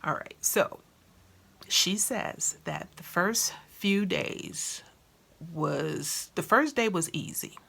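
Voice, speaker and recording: A woman chatting to camera in an animated, colloquial way, often acting out conversations. Her voice sits low with a gravelly, husky texture. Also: slow. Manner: chatty, animated, acts out quotes; colloquial, with slangy grammar. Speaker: vlogger and author. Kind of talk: casual chat to camera.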